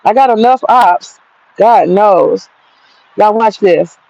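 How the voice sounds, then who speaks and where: Excitable woman gardening. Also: medium pitch, slow pace, no echo, lo-fi sound. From Georgia, US. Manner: excitable, chatty, swears freely. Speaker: gardening vlogger. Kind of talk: casual outdoor vlog. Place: outdoor home garden.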